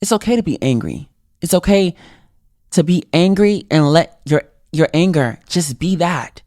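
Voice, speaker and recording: A man hosting his own podcast, giving an earnest, reflective solo motivational talk with lively pitch swings. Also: normal speed, dry recording, studio quality. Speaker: podcast host.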